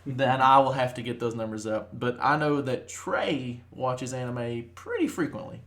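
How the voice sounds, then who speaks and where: A young man chats loosely on a podcast, stacking fillers and restarting his sentences. His voice sits at a middle pitch, and the recording picks up plenty of room echo. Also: normal speed, a bit bright. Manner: rambling, many fillers and restarts. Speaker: podcast co-host. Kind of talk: casual chat.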